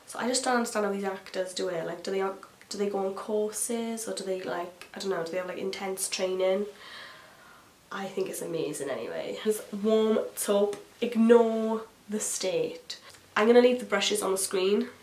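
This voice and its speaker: A beauty vlogger chats through a get-ready-with-me makeup tutorial, rambling and gossiping with lots of "like," fillers, and side tangents. Her middling-pitched, darkish voice echoes as if in a bare room at home, with a faint hiss underneath.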